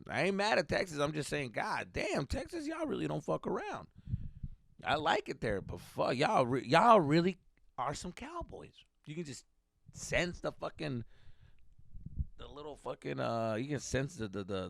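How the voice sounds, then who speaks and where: A man from California who hosts a comedy podcast and tells a profane, animated story, laughing often. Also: fairly high pitch, moderate pace, vocal fry, dry recording, studio quality.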